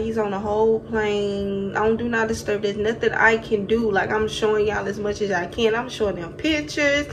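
Animated, profane young woman vlogger. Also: medium pitch. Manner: animated, profane, addresses viewers as y'all. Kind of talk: casual vlog storytelling. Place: hotel room. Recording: noisy phone recording.

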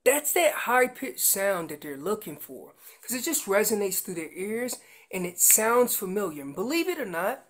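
An animated man teaching elk calling as a guest instructor. He explains each call step by step and speaks with emphatic energy, like a hands-on coach. His tone stays practical and instructional. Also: high voice, normal speed, slight background noise. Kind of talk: instructional demonstration.

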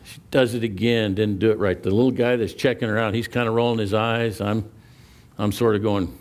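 Low-voiced pastor telling a story. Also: male voice, fairly even intonation, fairly quick. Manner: storytelling with frequent restarts and repeated words. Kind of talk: sermon.

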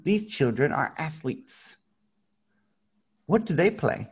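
Slow, patient man teaching children. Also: a little high, sing-song, a little hiss or hum. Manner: patient, slow and clear, playful sound effects. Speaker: English teacher. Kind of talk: online English lesson for children.

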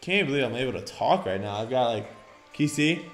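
A young man hosting a let's-play, reading game prompts aloud and breaking into loud, excited shouts. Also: medium pitch, fast talker. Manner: energetic, bursts into loud shouts, reads on-screen prompts aloud. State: sore mouth after dental work. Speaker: gaming channel host. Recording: roomy home recording with game music behind.

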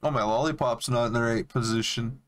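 A man's voice: mid-range voice, a little fast, fairly bright tone. A young man streaming a game, chatting casually to his viewers and swearing freely. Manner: laid-back, swears a lot, talks to viewers. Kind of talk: casual live-stream chat while playing.

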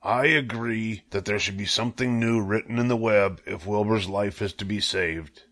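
A man reading aloud and voicing a shrewd, sensible old female sheep with a calm, persuasive manner. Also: fairly low pitch, normal speed.

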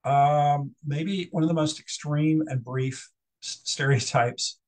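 A man's voice: fairly high pitch, steady tone, slow, rough recording. A middle-aged man presenting a business etiquette workshop in a casual, conversational lecture style with frequent ums.

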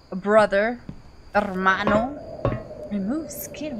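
A woman giving casual commentary on a horror game she is playing. She swings from quiet mutters to shrieks and laughs often. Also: a little high, expressive, slow, pauses often, a little hiss or hum. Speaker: gaming channel host.

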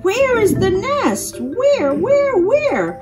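A woman with a very high, wildly swooping voice narrates toy play for little children in an unhurried sing-song. She gasps theatrically and repeats phrases over and over. Music plays clearly underneath. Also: sing-song.

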